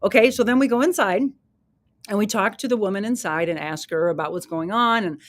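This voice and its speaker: A woman's voice: medium pitch, fairly quick. A woman hosting her own podcast, telling a story in a chatty, casual way with asides to her listeners. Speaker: podcast host.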